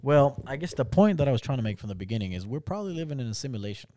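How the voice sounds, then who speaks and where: A man's voice: mid-range voice, sing-song, very fast, dark tone, a little hiss or hum. A young man hosting a casual podcast, telling stories in a loose, profane way. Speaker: podcast host. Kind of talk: casual chat.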